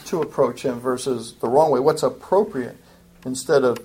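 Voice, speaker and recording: A woman's voice: moderate pace, warm tone. A woman preaching a sermon in an emphatic teaching style, often restarting phrases. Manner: emphatic, rises in pitch for quoted lines, frequent restarts. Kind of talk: expository sermon.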